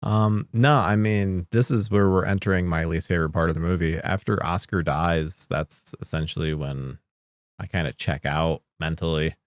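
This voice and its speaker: A low-voiced man co-hosting a casual podcast, joking and enthusiastic with the odd curse. The sound is dry and close, with no room around it. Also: dry recording. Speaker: podcast co-host. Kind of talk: casual chat.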